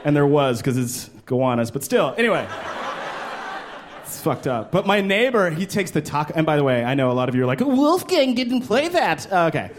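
Male stand-up comic, high and bouncy voice, laughing delivery, live club with faint noise. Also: brisk. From Brooklyn. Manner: animated, laughing, shrieks high for quoted voices. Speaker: stand-up comedian. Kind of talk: stand-up routine. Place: comedy club stage.

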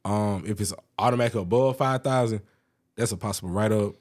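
A young man casually telling work stories on a podcast, loose and profane. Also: a little fast. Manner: laid-back storytelling, profane, lively pitch. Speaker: podcast co-host. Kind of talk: casual chat.

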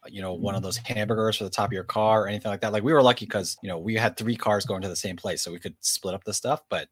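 A man with a very deep, husky voice chats on a podcast with dry, self-mocking humor. The mic is close and dry, with no room sound. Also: fairly even intonation, quick pace, no echo. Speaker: podcast co-host. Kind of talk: casual podcast chat.

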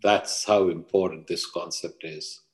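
A man, a personal mastery coach, explaining ideas through parables as an interview guest, measured and deliberate. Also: sits low, fairly even intonation. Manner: measured storyteller.

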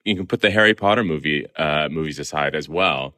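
A man's voice: a bass voice, brisk, sharp tone. A man from Southern California, a film columnist giving articulate, opinionated answers in an interview. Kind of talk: conversational interview.

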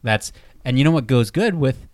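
A man's voice: medium pitch, animated, normal speed, darkish tone, dry recording. Man, podcast co-host, casual, rambling, tangent-prone, dry close sound.

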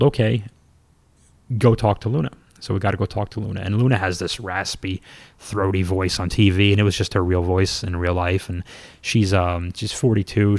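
A former pro wrestler with a lowish voice tells a story casually, lively and self-mocking, with some swearing. There's no room sound.

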